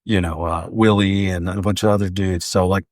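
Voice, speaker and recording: A man in his forties, a guest comedian, spins loose stories in a casual podcast chat, full of fillers and restarts. His voice sits on the low side. The sound is dry and close. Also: fairly even intonation, normal speed, a little mellow, dry recording. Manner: rambling, many fillers and restarts. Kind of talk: casual storytelling in a podcast interview.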